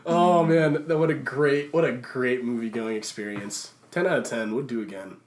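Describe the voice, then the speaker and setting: A man co-hosting a relaxed podcast chat. He tells stories excitedly, rambling and doubling back over his words with lots of restarts. His voice sits in an ordinary middle pitch. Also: moderate pace. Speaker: podcast co-host.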